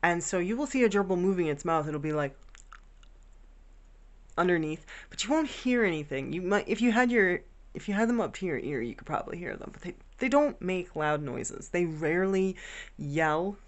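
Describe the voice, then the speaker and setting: A woman's voice: fairly low pitch, animated, normal speed. A woman casually telling a rambling, affectionate story about her pets at home. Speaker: vlogger. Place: home bedroom.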